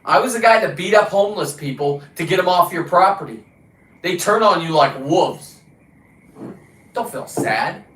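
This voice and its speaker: A man's voice: lively intonation, moderate pace, a bit bright. Profane ranting man, roomy echo. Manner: combative, swearing, shifts pitch and volume a lot. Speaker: livestream host. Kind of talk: casual profane rant.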